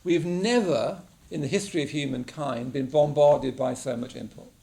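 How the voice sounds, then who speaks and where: Gravelly-voiced man teaching a class. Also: fairly high pitch, moderate pace, dark tone. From England. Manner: conversational, checks in with frequent "yeah?". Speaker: meditation teacher. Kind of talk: casual teaching talk to a class. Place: meditation class room.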